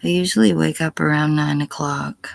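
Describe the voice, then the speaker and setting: A woman's voice: deep voice, fairly even intonation, moderate pace, no room sound. A middle-aged woman on a casual livestream answering chat, blunt and profane, sometimes dropping to a whisper. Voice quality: gravelly, husky.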